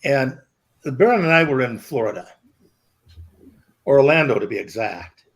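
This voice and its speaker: A man's voice: medium pitch, animated, normal speed, gravelly. A man co-hosting a podcast, teasingly telling stories about his friend in casual chat. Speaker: podcast co-host.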